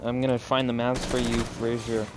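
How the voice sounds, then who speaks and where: A man casting an esports match on his own, mixing quick play-by-play with loose, rambling asides to viewers. He speaks into a close mic at a middling pitch. Gunfire and game sounds keep up clearly behind him. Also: little pitch movement, background noise. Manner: casual, rambling, chats with viewers between plays. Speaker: solo esports caster. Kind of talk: live esports play-by-play commentary.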